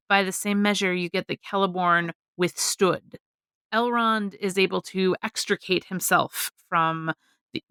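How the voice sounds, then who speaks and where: A woman co-hosting a podcast, reading prepared notes in a scholarly, measured way with slow deliberate emphasis. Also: on the low side, bright, forceful tone, clear, resonant tone, dry recording. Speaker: podcast co-host.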